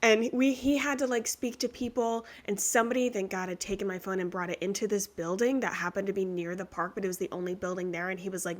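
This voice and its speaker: A woman hosting a podcast interview, telling stories with lots of laughter in a casual, animated way. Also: medium pitch, fast talker, few pauses. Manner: animated storyteller, laughs often. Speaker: podcast host.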